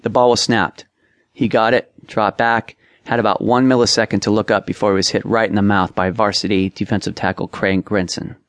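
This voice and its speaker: A man narrating an audiobook, reading plainly and raising his voice for shouted lines. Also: on the low side, flat delivery, a little fast, dry recording. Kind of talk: scripted narration.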